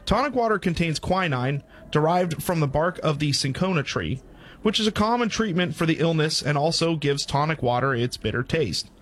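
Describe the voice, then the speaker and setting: Southern man, slightly high-pitched, measured informative read of prepared notes. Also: animated. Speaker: co-host presenting drink history. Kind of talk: reading prepared background notes.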